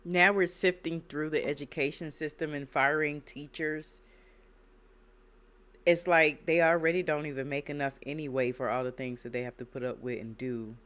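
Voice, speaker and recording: A woman's voice: deep voice, fairly even intonation, normal speed, a bit bright. A woman hosting reaction commentary, emphatic and preachy, repeating her points. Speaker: reaction channel host. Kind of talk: casual commentary.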